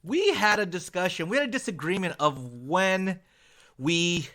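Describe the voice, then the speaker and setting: A man's voice: high voice, animated, normal speed, sharp tone. A man hosting a podcast in casual chat, teasing his guests with jokes. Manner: joking, teasing. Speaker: podcast host.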